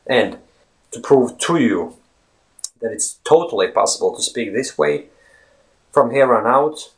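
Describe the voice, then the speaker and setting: A man's voice: medium pitch, expressive, unhurried. A man giving a casual English lesson, talking straight to viewers as friends and rephrasing his points as he goes. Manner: chatty, repeats and rephrases points. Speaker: English teacher. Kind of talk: casual teaching monologue.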